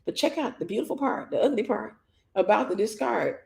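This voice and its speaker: A woman minister giving an animated teaching sermon, acting out scenes and speaking straight to her listeners. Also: a little high, fairly quick, creaky. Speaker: minister and mentor.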